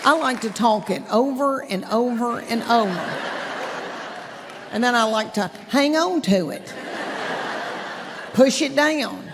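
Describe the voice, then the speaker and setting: Southern female comic, 50s, higher pitch, drawling and chatty, faint room noise from a live stage. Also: animated, slow pace, pauses often, long reverb tail, crowd noise. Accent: Southern American. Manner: chatty, drawling, addresses the audience directly. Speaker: stand-up comedian. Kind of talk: stand-up comedy set. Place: theater stage before a live audience.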